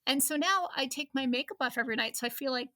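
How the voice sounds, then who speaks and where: A woman's voice: high voice, quick pace, bright, forceful tone, dry recording, studio quality. A woman in her fifties, a reporter chatting as an interview guest, laughing often and restarting her sentences. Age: 50s. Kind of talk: casual interview chat.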